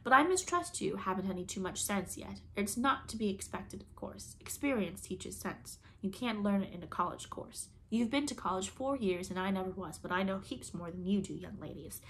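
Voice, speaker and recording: A woman's voice: medium pitch, moderate pace, few pauses, fairly bright tone, a little hiss or hum, close to an everyday voice. A woman reading the part of a blunt, motherly older woman who speaks in a stern, plain-spoken way.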